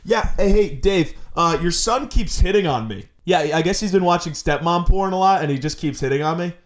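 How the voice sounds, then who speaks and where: A man's voice: sits high, expressive, brisk. A man voicing a flustered stepmom who complains to her husband about her stepson. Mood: exasperated.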